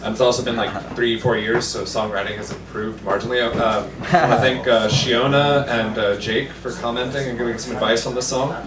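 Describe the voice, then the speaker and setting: Halting, polite open-mic singer introducing a song. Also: male voice, medium pitch, fairly even intonation. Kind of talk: introducing his song to an audience. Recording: roomy, distant, with background noise.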